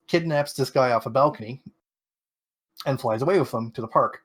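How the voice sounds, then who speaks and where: This young man chats casually as a podcast co-host, walking through a show's plot with lots of "um"s and quick acted-out lines. His voice sits in an ordinary middle pitch. His delivery is loose and rambling. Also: steady tone. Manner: rambling plot recap with many fillers and quoted asides. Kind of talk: casual chat recapping an anime episode.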